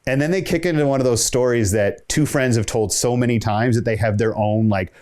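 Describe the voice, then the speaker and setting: Guy giving a keynote speech, chatty storyteller, mid-pitched voice, acts out the quotes. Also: fairly quick, a little mellow. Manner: conversational, builds stories with quoted dialogue. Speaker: keynote speaker.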